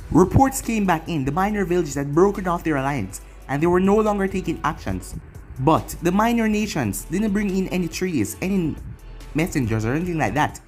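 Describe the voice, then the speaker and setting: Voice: medium pitch, a little mellow. A narrator reading an anime fan fiction story aloud in a plain storytelling way.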